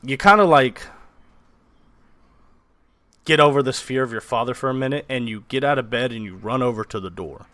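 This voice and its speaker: A man's voice: medium pitch, moderate pace, long pauses, sharp tone, dry recording. A man narrating a tabletop game as game master, in a loose style full of fillers. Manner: loose, with many fillers like "kinda" and "like".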